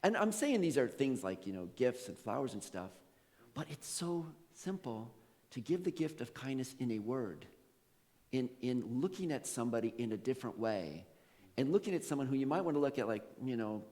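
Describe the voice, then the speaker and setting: A man's voice: medium pitch, sing-song, moderate pace, darkish tone, in a large hall. A male pastor preaching a sermon, telling a story with laughs and quoted voices. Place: church sanctuary.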